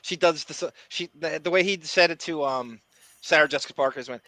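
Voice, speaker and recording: Bright-voiced man, profane podcast chat. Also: fairly high pitch, no echo. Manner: quick, profane, self-interrupting, yawns. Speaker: podcast co-host. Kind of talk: casual chat.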